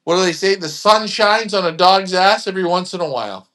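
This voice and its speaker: A man's voice: high voice, brisk, pushed and bright. A man hosting a casual chat in a blunt, emphatic way, swearing freely.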